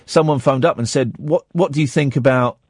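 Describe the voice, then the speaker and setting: A man's voice: mid-range voice, brisk, breathy edge, no room sound, studio quality. A man hosting a radio show, chatting casually in a rambling way with many restarts. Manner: animated, rambling, stumbling restarts. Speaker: radio host.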